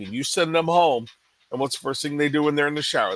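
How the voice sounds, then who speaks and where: Guy ranting on a hair podcast, kinda high voice, dry close mic. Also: fast talker, a bit bright, dry recording. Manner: ranting, many restarts and "you know". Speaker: podcast co-host. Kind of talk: casual podcast chat.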